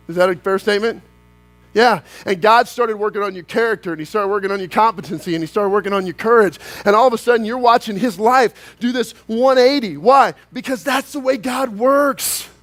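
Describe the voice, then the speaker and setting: A man preaching a sermon as pastor, swinging from loud, animated outbursts to quiet, hushed lines. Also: very high voice, dry recording.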